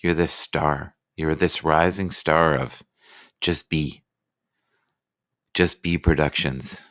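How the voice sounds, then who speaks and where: A man's voice: rumbling low, steady tone, slow pace, a bit bright, dry recording. A man hosting a casual live stream, joking and rambling playfully with his guests.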